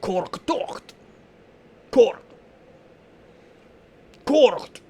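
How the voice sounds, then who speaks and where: A man voicing a rough, deep-voiced male orc warrior who bellows short words. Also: animated, drawn-out words, dark tone, exaggerated voice. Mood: shouting.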